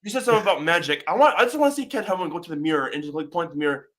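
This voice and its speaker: Animated high-pitched stammering man. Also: very fast, over a noisy crowd. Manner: rambling, stammering, animated storytelling with repeated words. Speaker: podcast guest. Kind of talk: casual chat.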